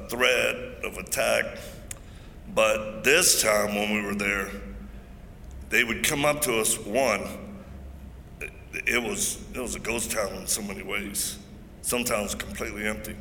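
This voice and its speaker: Speaking in a creaky, bright, medium-pitched voice with a forceful tone, a man tells joke-laced stories in an emphatic, sermon-like address to a big event. The recording has an echoey hall sound and faint noise.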